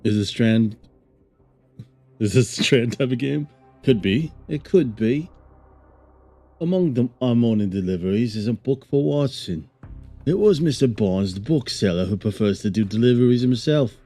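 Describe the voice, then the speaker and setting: A man's voice: medium pitch, lively intonation, moderate pace, dark tone, faint music behind. A man streaming a game, joking and rambling casually while reading game text aloud. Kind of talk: casual let's-play commentary.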